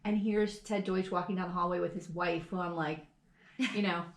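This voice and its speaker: A woman's voice: fairly low pitch, steady tone, normal speed, reverberant. A woman co-hosting a podcast, telling a story in a gushing, giggly, casual way. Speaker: podcast co-host. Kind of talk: casual chat.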